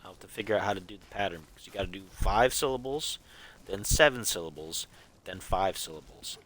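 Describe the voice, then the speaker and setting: A man's voice: low voice, expressive, a little fast, a bit bright, a little hiss or hum. A man streaming a game, chatting casually in a goofy, rambling way and chuckling at his own jokes. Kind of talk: casual live gameplay chat.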